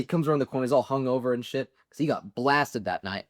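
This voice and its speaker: A young man in his twenties, a Marine veteran guest, telling profane, animated stories in casual chat with frequent laughs. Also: mid-range voice, quick pace, few pauses, no echo, studio quality. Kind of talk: casual storytelling.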